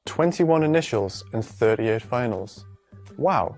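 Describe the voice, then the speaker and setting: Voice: medium pitch, animated, takes it slowly, darkish tone, faint music behind. A co-host playing the curious learner in a scripted lesson, asking simple questions.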